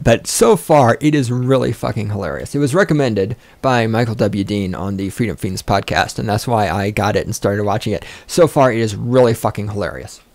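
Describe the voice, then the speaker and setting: A man's voice: mid-range voice, a little mellow, dry recording. A man hosting a podcast, ranting in a rambling, profane, sarcastic way and getting sidetracked easily. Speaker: podcast host. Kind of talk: rambling casual rant.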